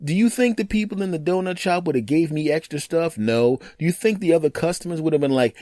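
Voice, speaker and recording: A man hosting his own podcast, telling stories in a casual monologue and acting out other people's lines in quick put-on voices. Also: a little high, warm tone, dry recording, clean studio sound. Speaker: podcast host.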